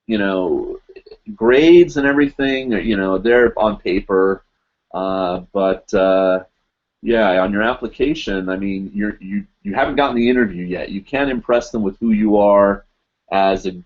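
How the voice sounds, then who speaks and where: A man in his forties from the United States talks casually to a live-stream audience. His voice sits low, and he rambles with many fillers. The sound is a little muffled and lo-fi. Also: unhurried.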